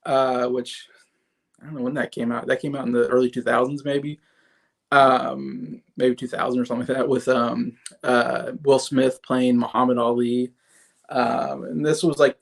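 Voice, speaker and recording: A man's voice: mid-range voice, vocal fry. A man in his thirties hosting a casual livestream, reviewing movies in a rambling way with many fillers and restarts and chatting with viewers. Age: 30s. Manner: chats with viewers in the comments.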